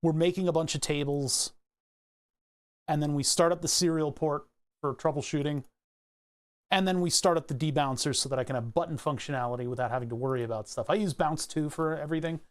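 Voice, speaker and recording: A man's voice: fairly high pitch, brisk. A man casually walking through his microcontroller code, rambling and self-correcting, laughing at himself now and then. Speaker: hobbyist electronics maker.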